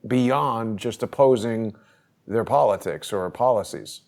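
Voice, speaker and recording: A man's voice: on the low side, measured pace, gravelly, a little mellow. Dry-spoken male interview host. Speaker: show host. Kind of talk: casual interview talk.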